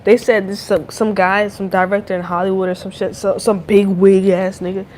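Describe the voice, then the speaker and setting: A woman's voice: mid-range voice, level tone, normal speed, a little mellow, slight background noise. A young adult woman hosting a podcast, rambling in loose, profane slang in casual chat. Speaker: podcast host.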